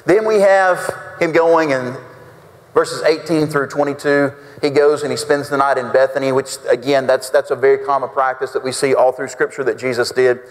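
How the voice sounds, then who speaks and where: A man's voice: medium pitch, steady tone, normal speed. A male pastor preaching a folksy sermon, acting out quotes with big swings in his voice. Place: church sanctuary. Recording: reverberant church sanctuary.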